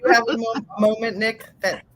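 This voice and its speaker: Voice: mid-range voice, flat delivery, brisk, crowd noise. A podcast co-host asking the guests questions in a chatty way. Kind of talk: casual podcast interview.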